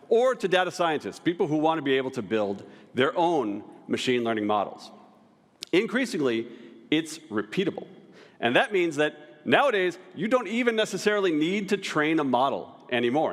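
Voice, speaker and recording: A man's voice: fairly high pitch, fairly bright tone. A middle-aged man presenting a live product demo at a conference, upbeat and chatty, with casual asides, speaking into a stage microphone in a large hall. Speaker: tech executive presenting a conference session. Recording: hall with long reverb.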